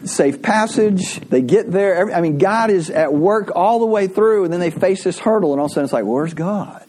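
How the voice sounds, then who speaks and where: A male pastor preaching a sermon in a relaxed, conversational way, telling stories and laughing often. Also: high-pitched, a little fast, a little hiss or hum. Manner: conversational, animated storytelling with frequent laughs.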